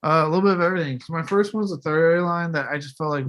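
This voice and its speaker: A man's voice: on the high side, steady tone, rapid-fire, a bit bright. A man co-hosting a casual movie review podcast, blunt and profane. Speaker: podcast co-host.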